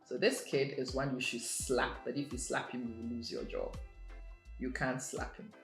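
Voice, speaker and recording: A woman giving a motivational monologue in a measured, emphatic way, repeating her key phrases. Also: a bass voice, little pitch movement. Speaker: motivational speaker. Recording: roomy echo with faint music.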